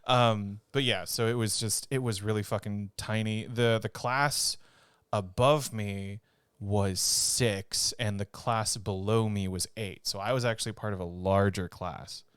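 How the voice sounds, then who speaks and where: A man's voice: lowish voice, steady tone, unhurried, a bit bright, clean tone, no echo, clean studio sound. A man co-hosting a gaming podcast, chatting casually and rambling while he laughs often. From North Texas. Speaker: podcast co-host.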